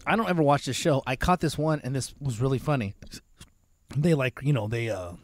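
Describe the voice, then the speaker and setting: A young man on a casual talk show, telling stories in an animated way and acting out the voices of people in them. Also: fairly quick, no echo. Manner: animated storyteller, acts out quoted voices in higher pitch. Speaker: co-host. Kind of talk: casual chat.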